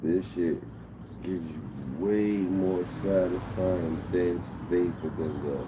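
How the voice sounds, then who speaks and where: A man with a low voice chatting in a slow, unhurried way as he reads chat on his stream. He is laid-back, slangy and swears freely. Steady background noise with vehicle sounds runs behind him. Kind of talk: casual chat reading chat.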